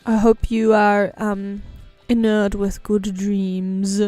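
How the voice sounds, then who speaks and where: A young woman livestreamer chatting casually, playful and giggly, often trailing off into quiet mumbled asides. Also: mid-range voice, completely flat delivery, slow pace, dry recording, soft background music. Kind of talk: casual stream chat.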